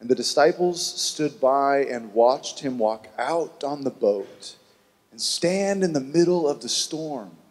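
A man preaching a sermon, telling a Bible story in an animated way and acting out the voices of its people. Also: medium pitch, slow pace, in a large hall. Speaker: pastor.

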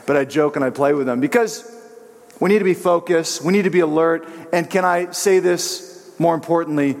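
A man pastor preaching a sermon in a church, animated and joking as he tells personal stories. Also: on the high side, moderate pace, gravelly, in a large hall. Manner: animated, joking storyteller who slips into voices.

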